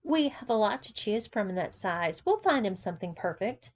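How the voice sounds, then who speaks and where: A woman's voice: medium pitch, very animated, moderate pace. A woman voicing a stern, mean saleswoman in a shoe store who snaps and sneers at her customer. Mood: scornful. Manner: snapping, scornful.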